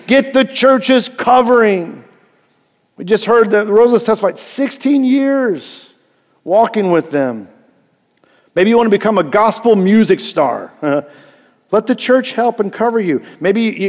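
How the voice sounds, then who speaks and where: A middle-aged male pastor preaching a sermon in an animated way, asking his listeners questions and rising to near shouts. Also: high voice. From Eastern Kentucky. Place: large church sanctuary. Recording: long reverb of a big hall.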